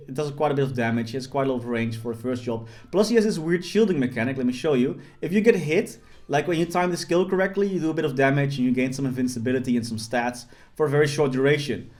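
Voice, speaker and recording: A man's voice: medium pitch, darkish tone. A young man giving casual, joking commentary over his gameplay as a gaming video host, with frequent fillers and restarts. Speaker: gaming YouTuber.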